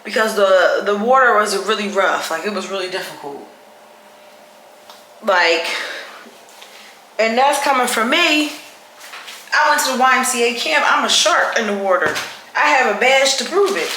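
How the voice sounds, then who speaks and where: A woman vlogger recounts her day in a lively, chatty way with a bright voice. The room is echoey and there is a faint hum behind her. She sits somewhat high in pitch. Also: normal speed. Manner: animated, chatty, with dramatic retelling. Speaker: travel vlogger. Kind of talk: casual storytelling to camera. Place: indoors at night during her night routine.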